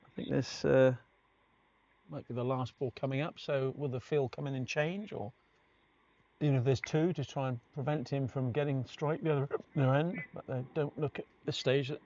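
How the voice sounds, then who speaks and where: A man's voice: medium pitch, moderate pace. Chatty male cricket commentator, lo-fi. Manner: chatty, anecdotal, relaxed. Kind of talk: live sports commentary. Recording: dull lo-fi stream audio with faint noise.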